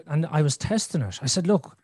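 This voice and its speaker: A man's voice: a little high, lively intonation, unhurried, darkish tone, dry recording, clean studio sound. A man in his thirties hosting a podcast, telling a frank, rambling personal story and swearing freely. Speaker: podcast host. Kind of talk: candid conversational storytelling.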